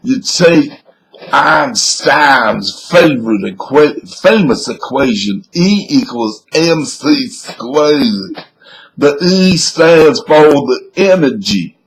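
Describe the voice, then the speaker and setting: A man's voice: on the high side, fairly bright tone, low-quality recording. A man voicing a cocky, streetwise man with a Southern American dialect, playfully swaggering while explaining physics on a webcam mic.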